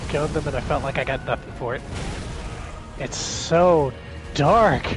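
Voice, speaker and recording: A man's voice: on the high side, a little slow, over loud music. A man playing a co-op game, complaining and exclaiming about what happens to him in the game. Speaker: co-op player. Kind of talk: casual gaming chat.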